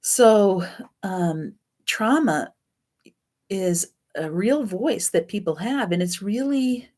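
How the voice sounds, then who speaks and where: A woman's voice: medium pitch, lively intonation, slow pace, a little mellow. A woman teaching a self-help class on codependency in a loose, chatty way, often correcting herself. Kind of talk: spoken self-help lesson.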